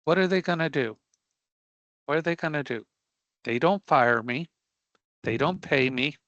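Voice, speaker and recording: A man leads an online career class in a bright, somewhat high voice that sounds close and dry. He is blunt and emphatic, brushing off angry customers as no big deal and checking in with the class again and again. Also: unhurried, no room sound, dull audio. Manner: emphatic, checks in with frequent rhetorical questions. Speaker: career prep instructor. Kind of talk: live online class lecture.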